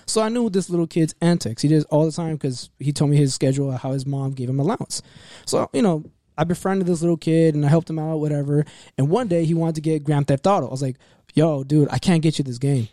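A man's voice: fairly high pitch, fast talker, warm tone, dry recording, clean studio sound. A young man co-hosting a casual chat, telling a workplace story in a rambling way with many fillers and restarts. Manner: rambling, full of fillers and restarts, acts out voices in quotes. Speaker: podcast co-host telling a story.

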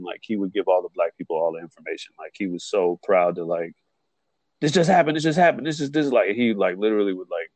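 A man's voice: dry recording, muffled recording. A man telling a college story in casual chat, acting out the people he quotes. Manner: animated, acts out quotes with jumps in pitch.

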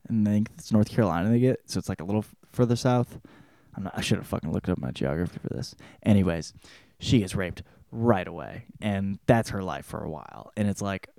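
A man hosting a podcast, giving a casual spoken book report in a profane, rambling way, breaking into loud quoted outbursts. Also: low-pitched, animated, a little fast, gravelly, dry recording, studio quality. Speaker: podcast host.

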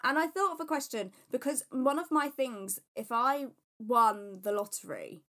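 A woman's voice: on the high side, animated, normal speed, bright, forceful tone. A woman co-hosting a casual podcast, chatty and rambling, gushing about her interests. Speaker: podcast co-host. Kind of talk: casual chat.

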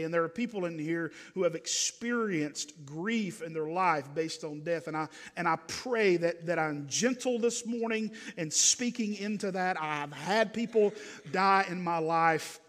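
A man preaching a sermon as pastor in a church, earnest, turning soft and gentle. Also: sits high, in a large hall. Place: church sanctuary.

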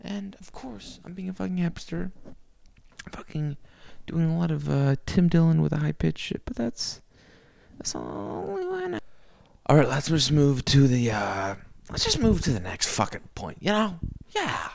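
Gravelly, foul-mouthed man ranting. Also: fairly high pitch, big pitch swings, a little slow, dry recording. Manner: crude, rambling, heavy swearing. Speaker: podcaster. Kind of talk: profane solo rant. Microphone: laptop mic.

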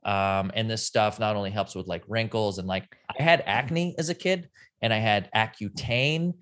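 A man's voice: fairly low pitch, moderate pace, a bit bright. A man co-hosting a podcast, chatting casually with friends in a jokey, teasing way and reading an ad. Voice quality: jokey, teasing, laughs often. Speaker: podcast co-host. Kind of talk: casual chat with friends, ad read.

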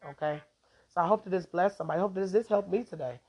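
A woman's voice: lowish voice, rapid-fire, slightly rough. Chatty woman giving a devotional talk. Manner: chatty, rambling, laughs often. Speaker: podcast host giving devotional teaching. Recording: dull lo-fi recording.

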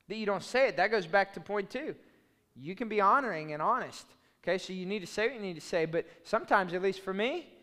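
Man, pastor, passionate sermon, high bright voice, long hall reverb. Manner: passionate, swings from loud to soft.

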